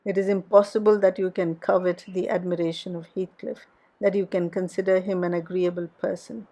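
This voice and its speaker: Woman reading as imperious young lady, scornful, sharp-tongued, emphatic scolding, storybook reading. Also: fairly low pitch, level tone, fairly quick.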